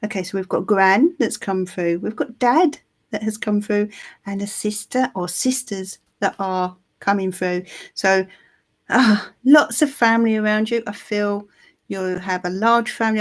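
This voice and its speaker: A woman giving a live psychic reading, soothing and reassuring, with frequent pauses and restarts. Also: mid-range voice. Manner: soothing, reassuring, calls the listener "my love"; halting, with many ums and restarts. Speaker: tarot reader.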